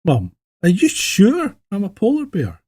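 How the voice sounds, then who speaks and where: A man voicing a young polar bear cub in a told joke, repeating a worried question in a raised, husky voice. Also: high voice, huge pitch swings, unhurried, darkish tone, pitched above the performer's own voice, heavily acted.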